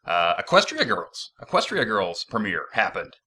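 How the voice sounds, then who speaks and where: A man's voice: lowish voice, wildly swooping pitch, normal speed, pushed and bright, husky. A man hosting a casual podcast interview, upbeat and joking, full of enthusiasm. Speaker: host. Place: San Jose, California.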